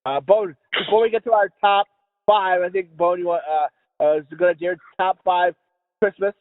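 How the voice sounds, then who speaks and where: A podcast co-host with a high-pitched voice rambles and mumbles at a moderate pace, swearing freely in casual chat. The audio sounds tinny, like a phone, with a long reverb tail.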